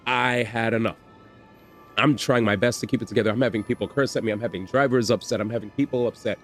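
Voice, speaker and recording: Animated man telling a story on stream. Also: medium pitch, quick pace, soft background music. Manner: animated, slangy, swears, repeats himself. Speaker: livestream host.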